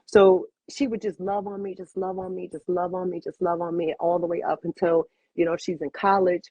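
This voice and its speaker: A woman's voice: lowish voice, level tone, fairly quick, dark tone, husky, no room sound, low-quality recording. A woman in her fifties, a cigar bar owner, telling a personal story with feeling as an interview guest and repeating phrases for emphasis.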